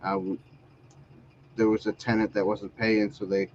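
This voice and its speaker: A man's voice: on the low side, flat delivery, moderate pace, a little hiss or hum. Rambling man on lo-fi stream audio. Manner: rambling storyteller, laughs often. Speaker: talk show host. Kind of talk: casual chat.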